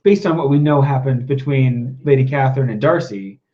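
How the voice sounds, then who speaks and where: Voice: medium pitch, brisk. Giggly co-host on muffled stream audio. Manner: giggly, loose, trails off mid-thought. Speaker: co-host discussing a novel. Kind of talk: casual book discussion.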